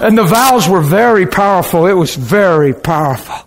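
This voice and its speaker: A man's voice: high-pitched, animated, normal speed, crowd noise. A man preaching a sermon, telling a story with sound effects and asking his listeners questions. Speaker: pastor.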